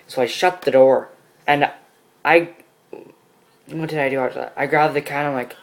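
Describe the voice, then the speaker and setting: A man's voice: mid-range voice, fairly even intonation, unhurried, low-quality recording. A teenage boy telling a personal story in a casual vlog, rambling with many fillers. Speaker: vlogger.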